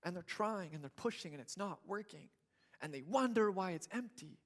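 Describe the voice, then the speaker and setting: A man's voice: high voice, animated, moderate pace. A young man preaching a sermon in a church, casual and joking, acting out what people and babies say. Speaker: pastor.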